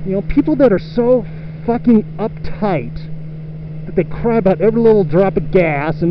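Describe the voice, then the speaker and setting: A high-voiced man rants and swears in an exasperated vlog while riding his motorcycle outdoors. The audio is dull and lo-fi, with faint road noise behind him. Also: measured pace, long pauses. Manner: profane, exasperated venting. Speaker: motorcycle vlogger.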